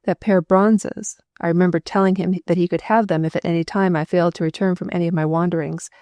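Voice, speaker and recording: A woman narrating a first-person novel as an audiobook, in a steady, measured read on a close microphone. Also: lowish voice, dry recording.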